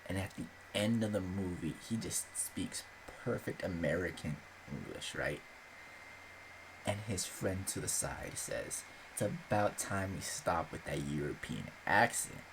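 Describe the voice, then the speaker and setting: Deep gravelly young man rambling casually. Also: expressive, a little slow, noisy background. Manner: rambling and loose, heavy on filler words; swears casually. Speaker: aspiring author and channel host. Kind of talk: casual chat.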